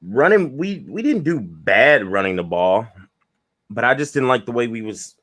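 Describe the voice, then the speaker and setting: A man's voice: medium pitch, sing-song, moderate pace, fairly bright tone, dry recording. A man co-hosting a sports podcast, talking in a laid-back, slangy way and agreeing with his co-host. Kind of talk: casual sports chat.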